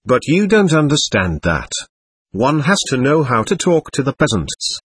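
Man doing a cocky teenage schoolboy, mocking, husky, lively pitch. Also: a little slow, dry recording, full character voice. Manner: lofty, mocking and self-assured.

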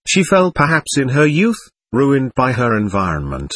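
A man reading aloud as a raging, spluttering old father who yells at everyone. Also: medium pitch, huge pitch swings, moderate pace, no room sound. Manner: yelling, spluttering. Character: old male buffoon father, shrill and raging.

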